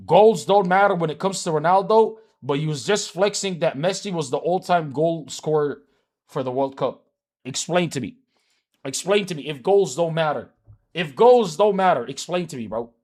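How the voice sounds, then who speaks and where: A man's voice: fairly high pitch, a little mellow. A man live streaming, ranting heatedly and profanely about soccer, repeating himself as he argues with his chat.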